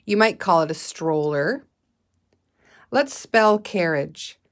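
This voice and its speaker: A woman teacher leading a guided reading lesson for young children, patient and deliberate, prompting the class to say and spell words. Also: fairly low pitch, expressive.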